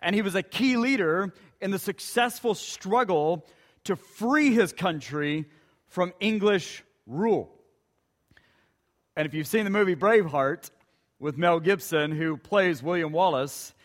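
Slow, high-voiced male preacher. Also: expressive. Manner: emphatic storytelling with dramatic repetition. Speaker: pastor. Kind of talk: sermon.

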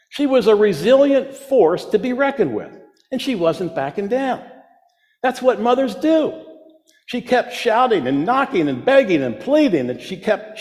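A man's voice: sits high, a little mellow. A man preaching a sermon, emphatic, repeating his key phrases for weight. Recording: long reverb of a large hall.

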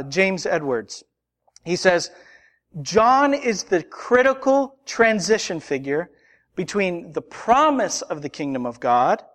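A male pastor delivers a sermon in a high voice at an unhurried pace. He speaks earnestly and drives his points home by repeating phrases. His delivery is deliberate and measured. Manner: earnest, builds emphasis through repetition.

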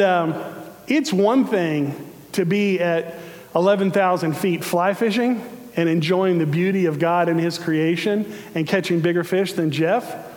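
A man's voice: sits high, a little mellow. A man preaching a sermon in an earnest, conversational way, with some fillers. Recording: long hall reverb.

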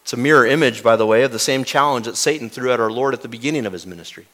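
Racing along in a medium-pitched voice, a man preaches dramatically as pastor. He falls from loud to hushed and asks his congregation rhetorical questions.

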